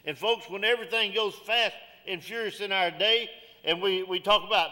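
Folksy preacher in a reverberant hall. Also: male voice, sits high, moderate pace, sharp tone. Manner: folksy, preaching with call-outs and jokes. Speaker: pastor. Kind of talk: sermon. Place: church.

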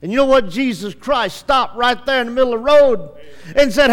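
Male preacher, very high voice, fervent revival sermon, hushed to shouting, long hall reverb. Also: animated, a little fast. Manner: impassioned, swings from hushed to shouting. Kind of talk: evangelistic sermon. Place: church service.

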